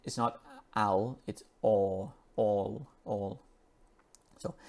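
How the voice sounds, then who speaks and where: Low-voiced man teaching English pronunciation. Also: vocal fry, dark tone. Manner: slow and repetitive, drawing out and repeating sounds. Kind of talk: pronunciation lesson, reading an article aloud.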